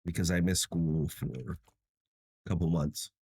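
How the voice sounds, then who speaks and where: A man's voice: deep voice, animated, a little slow, vocal fry, a little mellow, slightly rough, dry recording, clean studio sound. A tired young man hosting a livestream, chatting casually with viewers in a self-mocking way and laughing often. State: tired and achy. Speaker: livestream host.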